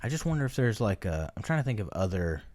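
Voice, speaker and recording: A man with a lowish voice co-hosts a casual podcast chat. He rambles from one thought to the next, swears freely and laughs often. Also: very animated, fast, a little mellow. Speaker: podcast co-host.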